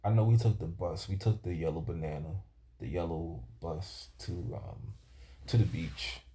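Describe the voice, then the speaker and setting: A man telling a personal story from his youth in a halting, rambling way, often restarting his sentences. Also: low-pitched, mellow, a little hiss or hum. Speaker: vlogger.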